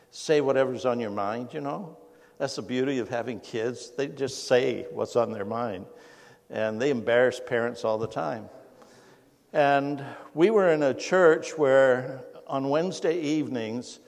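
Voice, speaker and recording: A man's voice: medium pitch, darkish tone. A man preaching a conversational sermon as pastor, folksy and storytelling, often amused at his own anecdotes. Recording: long hall reverb.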